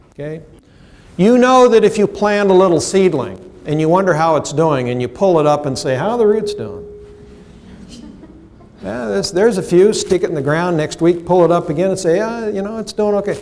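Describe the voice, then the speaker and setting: An emphatic, middle-aged man presents at a seminar, his voice sitting a little high for a man. He throws questions out to the room and slips into the voices of the people he quotes. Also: a little mellow. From United States. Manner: emphatic, asks the audience questions, acts out quotes. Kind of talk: professional development lecture. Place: seminar room with live audience.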